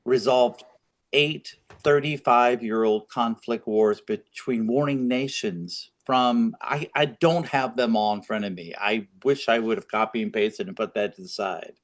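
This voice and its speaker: A man's voice: medium pitch, measured pace. Rambling opinionated man co-hosting. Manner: rambling, opinionated, with frequent restarts and laughs. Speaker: podcast co-host. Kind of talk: casual political chat.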